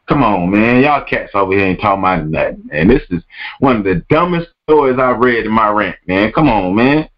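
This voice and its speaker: A man's voice: fairly low pitch, lively intonation, a little fast, muffled recording. A man hosting a podcast, ranting emphatically and repeating his words and phrases. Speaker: podcast host. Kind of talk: podcast rant.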